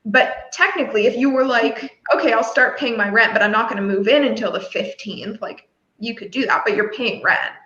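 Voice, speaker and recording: A woman's voice: a little high, fairly quick, sharp tone, echoey room, lo-fi sound. A woman hosting a livestream, chatting casually with guests, laughing often and filling her talk with fillers. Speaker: host.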